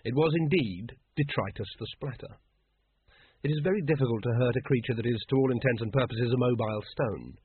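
A man's voice: medium pitch, fairly quick, breathy edge. A man reading a comic fantasy story aloud, with a dry, wry narrating manner. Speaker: audiobook narrator. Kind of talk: scripted narration. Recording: phone-like narrow band.

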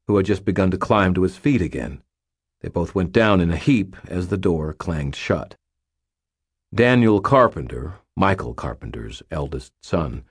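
A man reading a first-person novel aloud in a measured storytelling voice. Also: deep voice, darkish tone, husky, dry recording, clean studio sound. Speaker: audiobook narrator. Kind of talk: first-person audiobook narration.

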